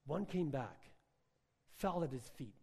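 A man preaches in a loose, conversational way, telling stories with plenty of filler words. His voice sits fairly high. It rings out with a long reverb, as in a large hall. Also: expressive, slow, vocal fry, a little mellow, slightly rough. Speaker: pastor. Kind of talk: sermon.

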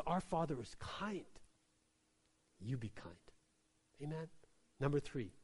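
A pastor preaching a sermon in a conversational way, often checking in with the listeners and dropping soft and slow on key lines. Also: male voice, a little high. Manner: conversational preaching with many tag questions.

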